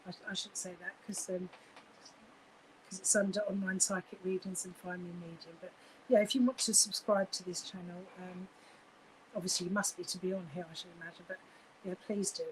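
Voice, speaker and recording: A woman's voice: lowish voice, flat delivery, brisk, slight background noise, low-quality recording. A woman giving live psychic readings, gushing and effusive, with many fillers and restarts.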